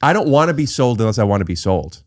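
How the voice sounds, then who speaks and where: A man hosting a podcast in casual chat, measured and thoughtful with a wry edge. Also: medium pitch, very animated, no room sound, clean studio sound. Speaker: podcast host.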